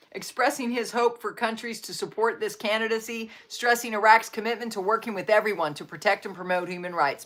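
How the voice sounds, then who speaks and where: Her voice is mid-range and a bit bright. Running a laid-back live stream, she reads out news stories, offers commentary shaped by her faith, and occasionally breaks off to talk sweetly to her dogs.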